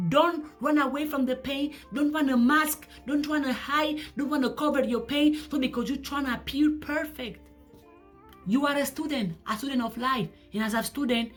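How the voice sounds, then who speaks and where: Woman, life coach, emphatic motivational talk, fairly high voice, faint music underneath. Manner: emphatic, repetitive, preachy.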